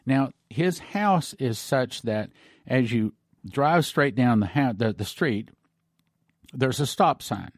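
A male pastor retelling a story in an animated, conversational broadcast sermon. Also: medium pitch, takes it slowly, no echo, clean studio sound.

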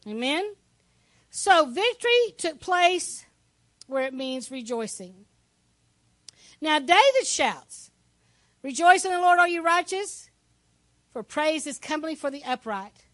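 A woman pastor preaching a sermon in a lively, conversational way, with asides to the congregation. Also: sits high, dry recording.

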